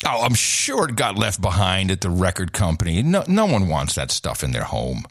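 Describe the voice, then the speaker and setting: A man's voice: deep voice, very animated, normal speed, no echo, studio quality. A middle-aged man and host telling a story in casual chat. He rambles, restarts his sentences often and laughs now and then. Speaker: podcast host and former radio/TV host.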